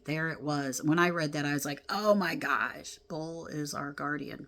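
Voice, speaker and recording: Low-voiced, unhurried woman leading a spiritual class. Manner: gentle, heartfelt, with sighs and soft laughs. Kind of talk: reflective spiritual talk, reading from oracle cards.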